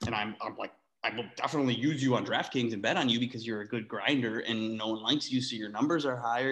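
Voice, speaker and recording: A man co-hosting a casual sports podcast, ranting in an animated, exasperated way, with sarcastic asides and free swearing. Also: medium pitch. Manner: swears freely. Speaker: podcast co-host.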